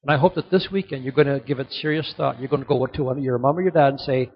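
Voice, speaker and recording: A middle-aged man giving a motivational sermon to young people, emphatic and repetitive, sometimes dropping to a soft earnest tone. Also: mid-range voice, quick pace, husky. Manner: emphatic, repeats key points, drops to soft earnest tones. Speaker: youth speaker. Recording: dull lo-fi recording.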